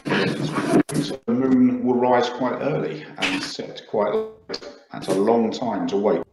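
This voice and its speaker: A man's voice: medium pitch, slow, over loud music. A man playing a tabletop role-playing game, narrating what his own character does. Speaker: player. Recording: roomy.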